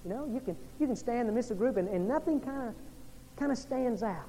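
Pastor preaching in a reverberant hall. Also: male voice, expressive, fast talker. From Oklahoma or Texas. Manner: dramatic preaching, swinging between loud and hushed. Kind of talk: evening sermon. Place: church sanctuary. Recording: long reverb in a large hall, faint rumble.

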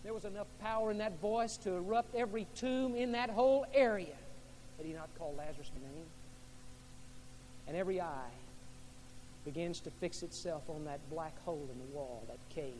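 A male pastor preaching a sermon with dramatic storytelling, shifting from hushed tones to loud peaks. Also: sits high, normal speed. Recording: echoey hall with faint hum.

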